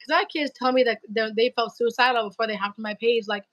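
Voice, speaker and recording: A woman hosting a live stream, chatting casually and telling animated stories full of slang and acted-out quotes. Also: a little high, fast talker, no echo, lo-fi sound. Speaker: livestream host. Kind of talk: casual chat.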